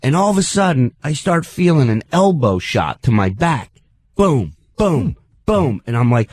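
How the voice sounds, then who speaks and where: A man's voice: medium pitch, big pitch swings, unhurried, darkish tone. A man, a radio co-host and comic, telling a story in casual banter and swearing freely. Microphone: studio microphone.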